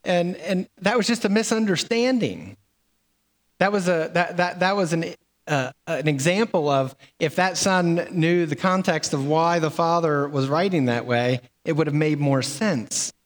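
Male pastor, relaxed sermon delivery with fillers and restarts, slightly high voice, recorded with long reverb in a large church. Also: a little slow. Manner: conversational, with fillers and repeated words.

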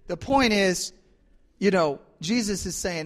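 A male pastor preaching a sermon in a conversational, animated way, often restarting his sentences. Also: sits high, unhurried, long reverb tail.

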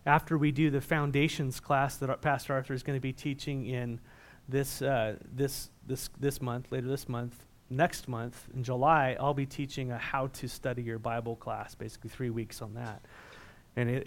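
A man preaching a sermon as a pastor, asking the congregation questions and growing loud and emphatic when reading scripture. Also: medium pitch, steady tone, moderate pace.

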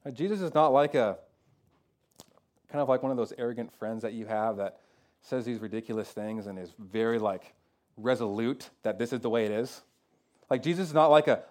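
Conversational preacher, loud emphatic bursts. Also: male voice, fairly quick. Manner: conversational preaching with fillers like "kinda" and "like"; swings from loud emphatic peaks to quiet low stretches. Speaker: pastor. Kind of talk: sermon.

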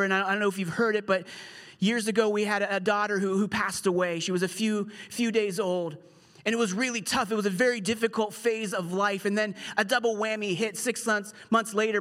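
A man's voice: sits high, fairly even intonation, fairly quick, a bit bright, big-room sound. A male pastor preaching a sermon in a conversational storytelling way, with humorous asides.

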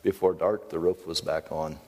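Deep-voiced, middle-aged male seminar teacher; emphatic and earnest, with a long hall echo. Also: steady tone, moderate pace, mellow, slightly rough. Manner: emphatic, earnest, with self-deprecating asides. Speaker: seminar speaker and counselor.

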